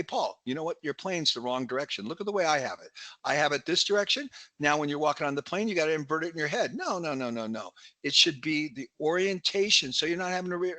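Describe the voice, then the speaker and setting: Middle-aged guy doing a lively webinar keynote, bright sharp voice, dry sound. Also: mid-range voice, dry recording. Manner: energetic storytelling with quoted dialogue. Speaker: keynote speaker. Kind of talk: webinar presentation.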